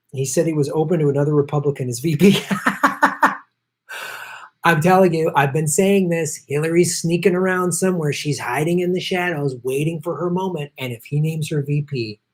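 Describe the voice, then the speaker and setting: Angry ranting male political host. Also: a little high. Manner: angry, profane, emphatic and repetitive. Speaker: host of a political commentary show.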